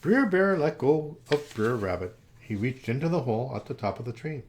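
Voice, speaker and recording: A man reads a children's story aloud expressively and with animation. He speaks at normal speed in a medium pitch, with slight background noise.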